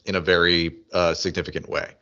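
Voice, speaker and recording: A man co-hosting a podcast in casual chat, animated and often mimicking characters in high excited voices. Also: brisk, muffled recording. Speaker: podcast co-host.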